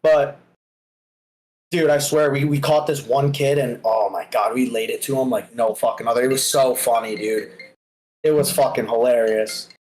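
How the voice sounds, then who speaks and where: A man's voice: mid-range voice, steady tone, normal speed, a little mellow, poor audio. A young man, a guest on a live stream, telling a story in rambling, profane casual chat. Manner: rambling, profane, laid-back.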